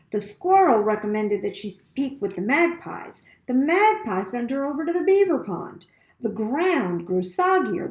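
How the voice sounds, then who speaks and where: A woman reading a children's novel aloud with expressive storytelling. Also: a little high, reverberant. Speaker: reader.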